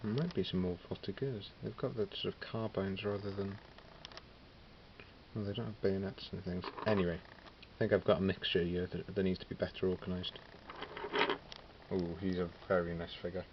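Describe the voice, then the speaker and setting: A man's voice: sits low, fairly even intonation, normal speed. A man from Wales casually showing his miniature figures, thinking aloud with many fillers and self-corrections. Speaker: miniature wargaming hobbyist. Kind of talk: casual show-and-tell of a collection. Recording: slightly dull lo-fi recording with clear background noise.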